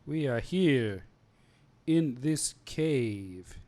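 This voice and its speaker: A man's voice: mid-range voice, extremely slow. Laid-back man running the game. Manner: laughing, relaxed, hesitant with fillers. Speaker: game master. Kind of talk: running a live-streamed tabletop game.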